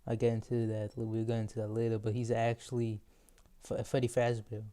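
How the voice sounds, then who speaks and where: A man's voice: medium pitch, monotone, brisk, dark tone. A man co-hosting a casual podcast, asking questions and rambling with jokes. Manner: rambling, jokey, leads the questions. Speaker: podcast co-host. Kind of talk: casual chat.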